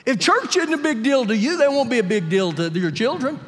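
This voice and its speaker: A male pastor preaching a sermon during a live church service, telling animated, humorous stories and acting out the voices in them. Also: very high voice, brisk. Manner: animated storytelling, acts out quotes with humor. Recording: live church audio with long hall reverb.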